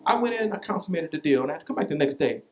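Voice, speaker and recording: A man preaching a sermon as pastor, telling a personal story in an animated, repetitive way with vernacular asides. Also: fairly high pitch, rapid-fire, faint music behind.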